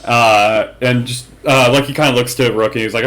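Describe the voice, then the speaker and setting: A man's voice: medium pitch, fairly even intonation, moderate pace, few pauses, a bit bright. A man playing a tabletop game, chatting casually in a rambling, laughing way with some swearing. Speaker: player.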